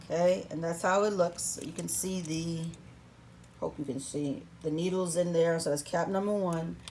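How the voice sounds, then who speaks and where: Chatty woman, playful and sassy, home how-to vlog, lowish voice. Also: fairly even intonation, moderate pace, background noise. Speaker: vlogger. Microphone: camera on a stand.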